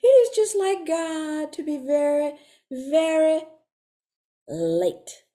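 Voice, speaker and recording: A woman's voice: on the high side, sing-song, slow, mellow. A woman voicing a prim, fussy older Sunday school teacher in a comic monologue, talking in a lilting, stagey way full of asides. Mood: wry.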